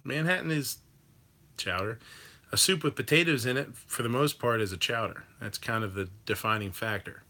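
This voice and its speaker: A man's voice: medium pitch, normal speed, sharp tone. A man hosting a livestream, chatting casually and rambling with fillers and swearing while reacting to viewer comments. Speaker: livestream host reading chat. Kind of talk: casual chat.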